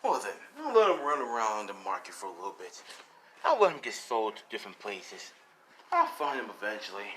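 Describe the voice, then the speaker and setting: A man voicing an older white-bearded crime boss who speaks smoothly and smugly, in a fan-made story. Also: lowish voice, wildly swooping pitch, a little fast, a bit bright, a little hiss or hum. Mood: unbothered. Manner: smooth, smug, unbothered.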